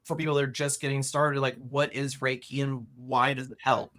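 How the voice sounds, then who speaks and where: A man's voice: mid-range voice, flat delivery, moderate pace, fairly bright tone. Reflective male podcast host. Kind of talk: casual interview talk.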